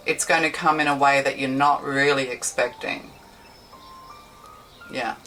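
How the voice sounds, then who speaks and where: Low-voiced woman rambling through a tarot reading. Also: bright, forceful tone. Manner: rambling, chatty, self-correcting. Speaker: tarot reader. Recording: slightly distant mic with faint background hiss.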